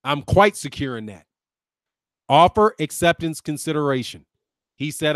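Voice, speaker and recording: His voice on the high side and fairly bright, a man in his fifties speaks expressively at normal speed, answering viewers in a combative rant with sarcastic name-calling. He's a lawyer who hosts a boxing channel, and the recording is dry, clean studio sound.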